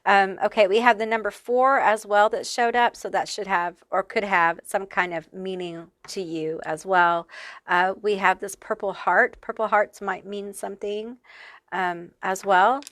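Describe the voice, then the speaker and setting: A woman's voice: mid-range voice, steady tone, measured pace, a bit bright, no room sound, clean studio sound. A woman giving a casual pick-a-card tarot reading, sassy and salty, calling viewers honey and laughing often. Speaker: tarot reader.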